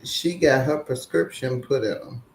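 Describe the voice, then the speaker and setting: A man co-hosting a casual livestream, chatting in a relaxed way and giving job-search advice. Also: mid-range voice, moderate pace, reverberant, slight background noise. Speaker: livestream co-host.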